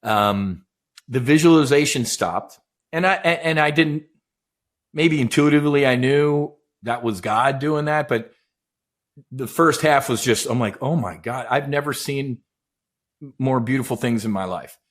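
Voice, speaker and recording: An intense middle-aged man telling a personal story with passion and lots of acted-out dialogue. His voice sits at an ordinary middle pitch. He swears freely and speaks with a casual, unpolished edge. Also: a little slow. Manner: intense, swearing, animated retelling with quoted dialogue. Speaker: guest, former naval aviator. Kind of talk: emotional storytelling in casual chat.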